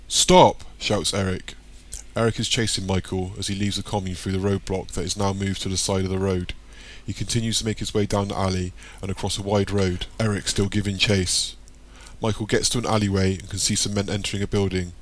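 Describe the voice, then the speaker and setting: Casting note: male audiobook narrator, low voice, steady scripted reading. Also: slight background noise.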